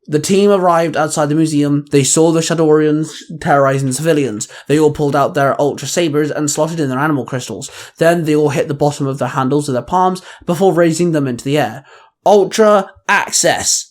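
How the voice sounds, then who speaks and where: A man reading his own fan fiction aloud as host of the show. He reads at a measured pace and slows down for titles. His voice sits a little higher than most men's. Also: darkish tone.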